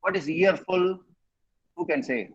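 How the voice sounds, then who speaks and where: A man's voice: high-pitched, moderate pace, highs cut off. A man with a Tamil accent teaching English vocabulary in an online class, quizzing students and spelling words out. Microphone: video call.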